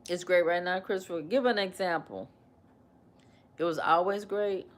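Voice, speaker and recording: A woman hosting a casual livestream, animated and repetitive as she questions and mimics her commenters. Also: lowish voice, moderate pace. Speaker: livestream host.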